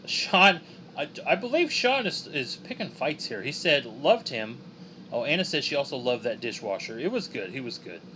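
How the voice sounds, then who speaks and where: A man's voice: mid-range voice, sing-song, normal speed, pushed and bright, a little hiss or hum. Chatty man streaming while he draws. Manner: chatty, jokey, reads chat aloud. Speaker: streaming artist. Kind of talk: casual livestream chat while drawing.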